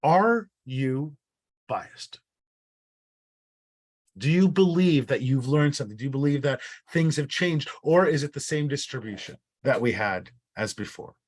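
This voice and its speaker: A man's voice: medium pitch, lively intonation, unhurried. A man leading an online workshop. He talks casually and often repeats words and restarts his phrases. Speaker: workshop facilitator.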